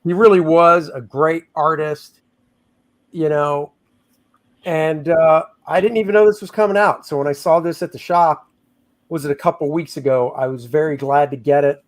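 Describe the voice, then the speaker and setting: A middle-aged man talks casually on a livestream, his voice sitting a little high. He jokes with his co-host and reads out viewer comments as they come in. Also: steady tone, moderate pace. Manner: joking, reads chat comments aloud. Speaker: comic artist hosting a livestream.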